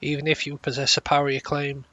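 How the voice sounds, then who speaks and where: A man voicing a stern, gruff older male sea captain in a game, speaking formally and tripping over some words. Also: medium pitch, steady tone, moderate pace, fairly bright tone, dry recording, low-quality recording. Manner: formal old-fashioned speech, stumbles over words.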